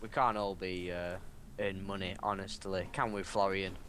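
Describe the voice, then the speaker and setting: Co-hosting a let's play, a man chats casually over the gameplay and teases his friend with jokes. His low voice is steady, moderately paced and fairly bright, with slight background noise.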